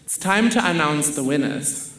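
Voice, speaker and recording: A man tells a personal story on stage in a measured, wry way. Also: fairly high pitch, expressive, a bit bright, slight background noise. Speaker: speaker. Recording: roomy hall with faint ambience.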